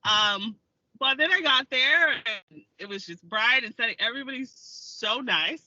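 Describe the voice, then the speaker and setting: A woman's voice: a little high, lively intonation, measured pace, sharp tone, no room sound, dull audio. An American woman, an actor and filmmaker, telling stories as an interview guest and laughing often. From United States. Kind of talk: casual interview storytelling.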